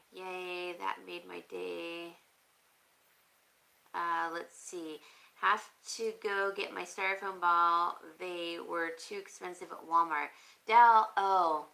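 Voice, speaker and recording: A woman hosting a casual live stream, chatting and reading viewer comments aloud, thinking out loud with frequent pauses and fillers. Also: fairly low pitch, steady tone, gravelly, rough recording. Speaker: crafting channel host.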